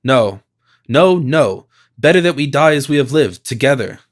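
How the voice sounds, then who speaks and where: A man's voice: medium pitch, animated, moderate pace, lightly acted. A man reading the part of a delicate, frightened young woman who speaks in a trembling, pleading way.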